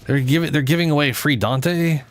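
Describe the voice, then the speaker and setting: A man's voice: a little high, moderate pace. A man streaming a game in casual chat, sleep-deprived and rambling, cursing now and then.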